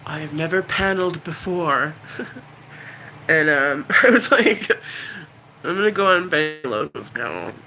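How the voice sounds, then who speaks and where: A woman's voice: sits low, animated, unhurried, long pauses, pushed and bright, a little hiss or hum, poor audio. A middle-aged woman chatting casually and candidly on a live stream, rambling and emotional. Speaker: YouTuber.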